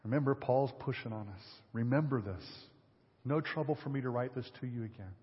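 A male pastor preaching a sermon, asking the congregation rhetorical questions and swinging between loud emphasis and a hushed voice. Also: medium pitch, fairly quick, breathy edge. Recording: lo-fi sermon audio with long hall reverb.

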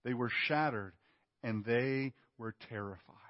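A man's voice: mid-range voice, a little slow, no room sound, long reverb tail, highs cut off. A man preaching a sermon in an emphatic, conversational way, often checking in with his listeners. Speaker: pastor.

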